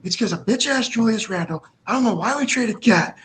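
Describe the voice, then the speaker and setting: A man's voice: sits high, expressive, fairly quick, noisy background. A man from Minnesota ranting profanely and passionately in a casual sports podcast chat, calling in on his phone. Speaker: podcast co-host. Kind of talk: casual sports talk rant.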